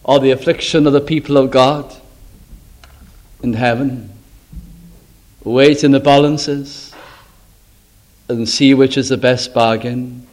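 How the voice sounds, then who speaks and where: A man preaching a revival sermon, swinging from loud exclaiming to hushed, solemn tones. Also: medium pitch, steady tone, takes it slowly, pauses often.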